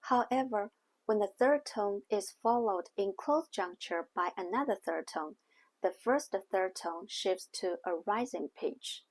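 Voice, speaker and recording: A woman teaching a language lesson in a scripted way, speaking slowly and carefully and demonstrating sounds one at a time. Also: mid-range voice. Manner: slow, careful, demonstrating tones on single syllables.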